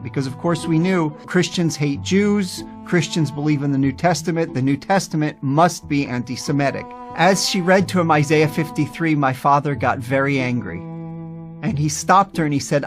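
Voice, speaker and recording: A man from the United States telling his personal testimony in an earnest, animated way. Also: on the high side, moderate pace, faint music behind. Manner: earnest, animated, acts out quoted voices. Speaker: speaker giving a personal testimony.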